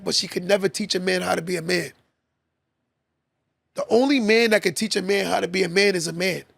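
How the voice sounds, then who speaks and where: A man's voice: sits high, gravelly, dry recording. A man, a father, giving a preachy motivational monologue as podcast host, repeating key lines for emphasis. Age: adult, father of a son.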